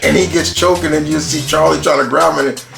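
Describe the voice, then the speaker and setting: A man hosting his own channel, chatting loosely about cartoons he loves. His voice sits a bit high and rings in an echoey room while music plays clearly behind him. He stumbles, restarts and drops casual curses as he goes. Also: little pitch movement, fairly quick. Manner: rambling, with many restarts and casual swearing. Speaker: channel host ranking cartoon characters. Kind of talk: casual rambling commentary.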